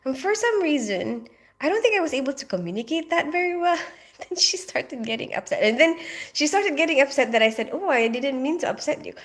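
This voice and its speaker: A woman's voice: high-pitched, sing-song, fairly quick. A sleepy Filipino woman hosting a casual livestream, rambling with many fillers and frequent laughs as she reads out comments. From Philippines. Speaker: livestream host reading comments.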